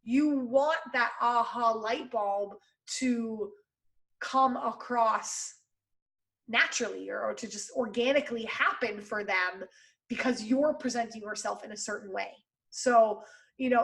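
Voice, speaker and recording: Chatty woman podcast host, slightly high. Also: a little slow, a bit bright. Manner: conversational and encouraging, lots of fillers. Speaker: podcast host and sales coach. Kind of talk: casual solo podcast advice.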